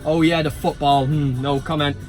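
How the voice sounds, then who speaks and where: High-voiced man, jokey sweary banter. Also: steady tone, normal speed, a little mellow, faint music behind. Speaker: football fan vlogger. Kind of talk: casual chat to camera. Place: inside a van.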